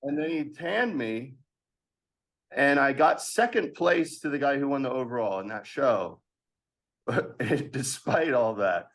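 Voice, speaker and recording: A man in his thirties, a podcast guest telling an animated story from his past and acting out the voices of others with laughs. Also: medium pitch, unhurried. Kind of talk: storytelling in a casual interview.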